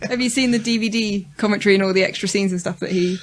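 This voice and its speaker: A woman's voice: mid-range voice, fast talker. A woman co-hosting a podcast, gushing and giggly in casual chat. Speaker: podcast co-host.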